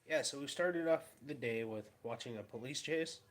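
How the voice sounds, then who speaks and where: A man's voice: mid-range voice, normal speed. A man chatting casually in a vlog, telling wry, rambling stories about his day. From Pacific Northwest of the US. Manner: rambling, wry storytelling with mocking voices. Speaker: vlogger.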